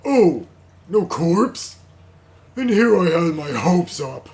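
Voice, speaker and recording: A man voicing a creepy, calm male bird doctor who drawls slowly and sinisterly. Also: high-pitched, voice pushed up, heavily acted.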